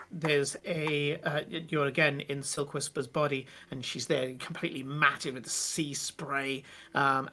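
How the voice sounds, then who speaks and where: A man narrating a tabletop game as game master, vivid but halting with many fillers. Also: fairly high pitch, pushed and bright.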